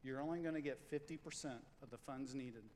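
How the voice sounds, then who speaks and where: A middle-aged man preaching a sermon as pastor, lively and joking, repeating lines for emphasis. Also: mid-range voice, brisk. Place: church sanctuary. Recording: long hall reverb, faint room noise.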